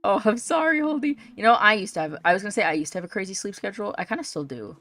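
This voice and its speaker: A woman's voice: mid-range voice, animated, rapid-fire, a bit bright, no room sound, faint music behind. A woman chatting casually while streaming a video game, giggly and talkative. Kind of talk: casual gameplay chat.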